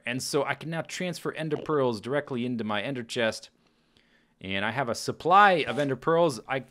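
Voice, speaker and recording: A man giving chatty, casual commentary over his own gameplay, often exclaiming and chuckling as he plays. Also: mid-range voice. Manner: chatty, animated, exclaims and laughs at the game. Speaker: Let's Play host.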